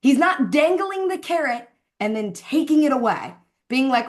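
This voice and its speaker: A woman's voice: high voice, expressive. A woman leading a Zoom call for her sales team, giving a fervent, preachy motivational talk about faith. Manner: fervent, preachy, speeds up and slows down for emphasis. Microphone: video call.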